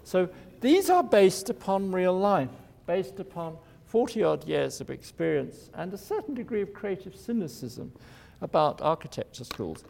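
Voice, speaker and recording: A man's voice: high voice, very animated, normal speed, vocal fry, darkish tone. An older man, an architect, giving an informal lecture in a wry, digressive way, chuckling at his own jokes. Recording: lecture hall reverb.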